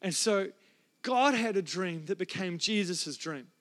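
A man's voice: high-pitched, animated, unhurried, a bit bright. A man preaching a sermon as a pastor, telling a personal story in an earnest, emotional way with frequent restarts. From New Zealand. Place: church.

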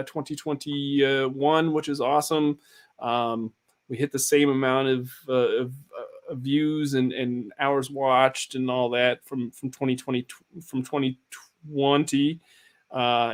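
A man hosting a casual livestream chat, rambling with many fillers and restarts. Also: mid-range voice. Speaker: podcast host.

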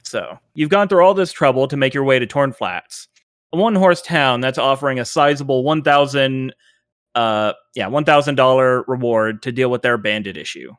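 A man running a tabletop role-playing game, narrating scenes with many pauses and filler words. His voice is smooth and resonant, recorded dry and close. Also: mid-range voice, a bit bright, no echo. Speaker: game master.

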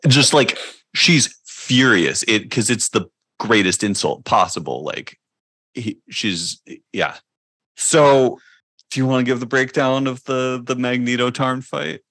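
A man co-hosting a podcast, recapping comics in relaxed casual chat with enthusiastic slang. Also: medium pitch, measured pace, no echo. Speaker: podcast co-host.

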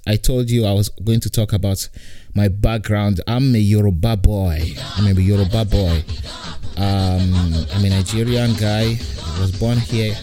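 A man in his twenties from Italy talks his way through a relaxed podcast monologue, repeating himself and laughing often. His voice is low and mellow. The sound is dry and close, with faint music underneath. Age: 20s. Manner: rambling, repetitive, laughs often. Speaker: podcast host and comedian. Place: at home, lying down.

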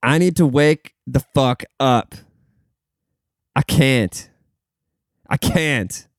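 A young man talks on a podcast in a loose, rambling way, swearing freely and breaking into laughter at his own stories. He sounds tired. His voice is smooth and clear at a middling pitch, recorded close with no room sound. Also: drawn-out words, dry recording. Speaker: podcast host. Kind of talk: casual podcast rant.

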